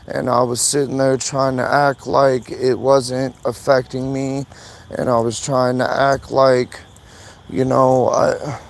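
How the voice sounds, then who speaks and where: A man live streaming from his phone outdoors, rambling and halting, full of fillers and swearing. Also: medium pitch, a little mellow, a little hiss or hum, low-quality recording. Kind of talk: emotional casual live stream monologue.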